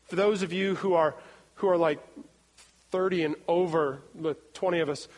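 A man in his thirties preaching a sermon in an animated way, acting out scenes and repeating words as he goes. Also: fairly high pitch, normal speed. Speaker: pastor. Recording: long hall reverb.

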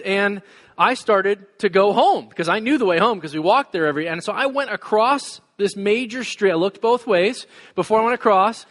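A pastor in his forties telling a personal story in a sermon, with many fillers and frequent throat clearing. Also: high voice, a bit bright. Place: church hall. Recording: long hall reverb.

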